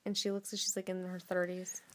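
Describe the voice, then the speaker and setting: A woman's voice: on the low side, completely flat delivery, a little fast, slight background noise. A young woman guesting on a casual podcast, blunt and crude, laughing often. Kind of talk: casual chat.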